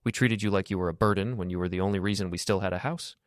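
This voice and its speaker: A man's voice: low voice, rapid-fire, no room sound, studio quality, natural voice. A man doing a remorseful father in his sixties. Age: 60s. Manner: apologetic, choked up, pleading.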